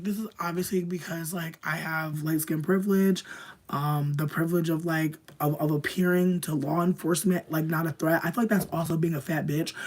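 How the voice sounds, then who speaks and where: A young woman telling a long personal story to a livestream in casual, profane slang, padding her talk with "like" and swinging between hushed asides and loud bursts. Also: lowish voice. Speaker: streamer.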